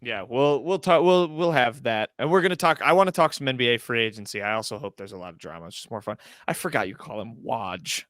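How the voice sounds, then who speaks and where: A young man trading casual, joking banter as a podcast co-host. His voice sits at an ordinary middle pitch, and the sound is dry and close to the mic, with no room echo. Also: fast talker, few pauses, fairly bright tone. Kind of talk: casual sports chat.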